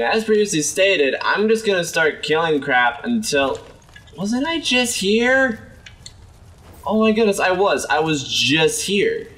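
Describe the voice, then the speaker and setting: Lively, slightly hoarse young man gaming. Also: a little high, recorded from a distance. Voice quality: sore voice. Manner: chatty, exclaims and talks to enemies. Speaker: gameplay commentator. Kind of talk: let's play commentary.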